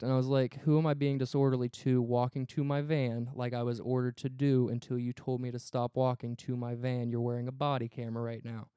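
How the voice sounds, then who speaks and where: A man's voice: medium pitch, flat delivery, fairly quick, few pauses, mellow, clear, resonant tone, no room sound, clean studio sound. A man co-hosting a podcast, telling a story in a casual, profane way and acting out the quoted dialogue. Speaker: podcast co-host.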